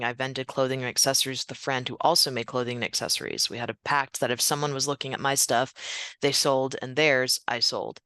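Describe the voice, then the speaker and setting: A woman's voice: rumbling low, a bit bright, dry recording. A woman hosting an online panel discussion who reads out audience comments and chats casually with her guest over a video call. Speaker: webinar host.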